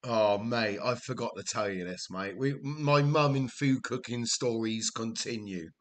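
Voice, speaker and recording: A man's voice: medium pitch, measured pace. Welsh male streamer, leisurely delivery, casual chatty host who laughs a lot. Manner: chatty, laughs often, tells rambling family anecdotes. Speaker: livestream host. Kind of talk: casual livestream chat.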